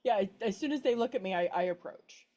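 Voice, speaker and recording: Mellow-voiced hesitant woman player. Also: mid-range voice, expressive, fast. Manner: hesitant, apologetic, many restarts. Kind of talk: tabletop role-play.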